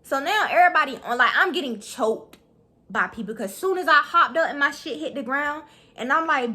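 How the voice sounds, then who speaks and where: A young woman telling a story in a vlog, animated and profane, talking fast. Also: sits high, breathy edge. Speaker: vlogger.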